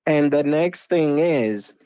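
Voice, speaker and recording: A man's voice: on the high side, lively intonation, slow pace, warm tone, clear, resonant tone, dry recording. A man chatting casually on a group call, tossing in slang, heard over dull lo-fi call audio.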